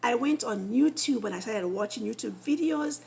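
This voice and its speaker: A woman in her thirties vlogging, telling an excited story with gushing, animated exclamations. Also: fairly high pitch, moderate pace, vocal fry, slight background noise. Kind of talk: excited casual vlog.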